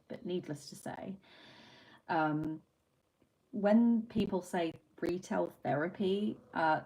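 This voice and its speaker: A woman's voice: low voice, darkish tone, slight background noise, poor audio. A woman hosting a casual livestream, reading chat and rambling through stories with plenty of swearing. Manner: chatty and rambling, swears freely, tangents.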